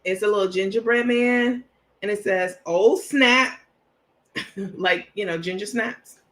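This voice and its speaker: A woman's voice: medium pitch, takes it slowly, a bit bright. A woman hosting a casual livestream, chatty and laughing often, greeting viewers by name. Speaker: livestream host.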